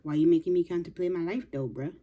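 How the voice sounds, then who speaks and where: A woman's voice: on the low side, quick pace, dark tone, muffled recording. A young woman chatting to herself while reacting to a music video, sometimes dropping into whispers. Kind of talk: casual reaction commentary.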